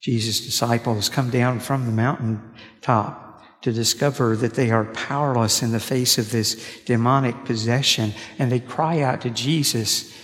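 A man pastor delivering a sermon, telling stories with halting restarts. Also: medium pitch, fairly bright tone. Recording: long reverb of a large hall.

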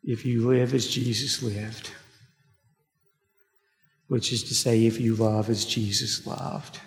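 Gravelly preacher in an echoing hall. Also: male voice, on the low side, flat delivery. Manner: storytelling preacher, slow deliberate pauses. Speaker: pastor. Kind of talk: sermon. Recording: echoey hall, long reverb.

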